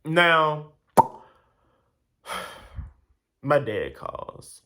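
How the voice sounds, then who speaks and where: Guy vlogging a storytime, bright tense voice, rambly and fed up, lots of asides. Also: fairly high pitch, very slow. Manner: rambling, animated, exasperated retelling with many asides. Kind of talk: casual storytime monologue.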